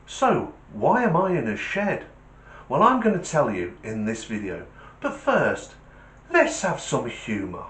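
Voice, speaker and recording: A man's voice: medium pitch, wildly swooping pitch, unhurried, fairly bright tone. Chatty man in an echoey shed. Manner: chatty, self-mocking, good-humoured. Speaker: channel host. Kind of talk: casual talk to camera. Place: small garden shed. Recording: roomy shed echo.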